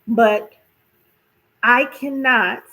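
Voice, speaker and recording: A woman's voice: fairly high pitch, fairly even intonation, extremely slow, bright, forceful tone, low-quality recording. Chatty woman hosting a wellness talk. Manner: chatty, repeats herself, asks "right?" often. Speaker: podcast host.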